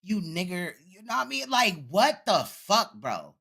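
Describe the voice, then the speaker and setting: A man's voice: sits high, wildly swooping pitch, moderate pace, vocal fry, bright, forceful tone, breathy edge. A man hosting reaction commentary, sounding incredulous and firing off rhetorical questions. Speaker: commentary host.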